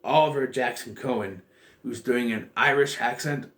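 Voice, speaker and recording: A man's voice: medium pitch, normal speed, a bit bright. Man rambling through a show review. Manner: rambling, thinking aloud with frequent restarts. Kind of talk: casual spoken review.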